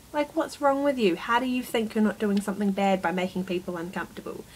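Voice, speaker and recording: A woman's voice: mid-range voice, steady tone, a little fast, darkish tone, a little hiss or hum, rough recording. A woman vlogger telling a rambling, exasperated storytime about her day, self-mocking as she goes. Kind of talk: casual storytime monologue.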